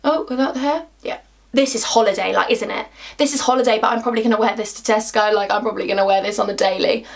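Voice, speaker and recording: A woman's voice: medium pitch, steady tone, fast, gravelly. A young woman filming a makeup vlog from her bedroom, gushing and chatty, often talking to herself. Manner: bubbly, gushing, talks to herself. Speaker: beauty vlogger. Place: home bedroom.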